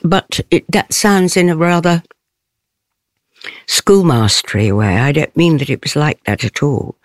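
Older actress chatting about her craft, slow and thoughtful, soft laughs, dry close sound. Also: low-pitched, no room sound. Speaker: stage actress as guest. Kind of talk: interview.

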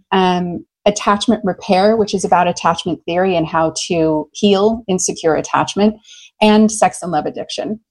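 A woman guest, a love coach, telling stories in an interview in an enthusiastic, loud and lively way with frequent laughter. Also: fairly low pitch. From United States. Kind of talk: candid interview storytelling.

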